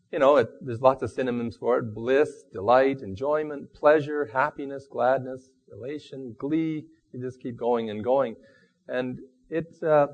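Halting, thoughtful male preacher. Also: mid-range voice, darkish tone. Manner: halting, thoughtful, self-deprecating. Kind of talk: sermon. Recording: dull lo-fi recording.

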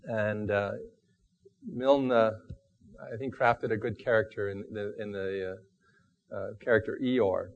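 A man giving a sermon in a halting, thoughtful and self-deprecating way. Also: on the low side, fairly even intonation. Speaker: preacher. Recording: dull lo-fi recording.

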